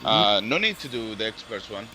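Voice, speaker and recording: A man's voice: on the low side, very animated, a little fast. Man giving game tips on noisy chat. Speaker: teammate on voice chat. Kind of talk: casual gaming voice chat.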